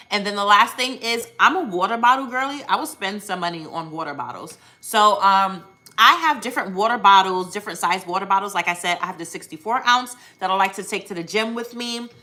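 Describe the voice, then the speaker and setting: A young American woman talks casually to viewers on a live stream, upbeat and chatty, often pausing with ums and correcting herself. Her voice sits in a middle pitch with a bright, forward tone. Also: lively intonation. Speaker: weight loss surgery vlogger hosting a live stream.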